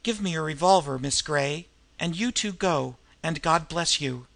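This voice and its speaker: A man's voice: on the high side, gravelly, a bit bright. A man reading the part of a wounded young adventurer who speaks thickly and stammers, wry and brave despite his weakness. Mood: strained. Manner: halting, stammering speech.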